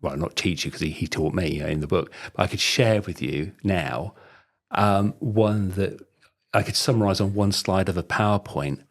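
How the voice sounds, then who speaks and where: Middle-aged man, deep and gravelly; chatty sales trainer, rambling interview guest. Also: normal speed. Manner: chatty, rambling, many "you know" fillers. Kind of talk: casual conversational interview.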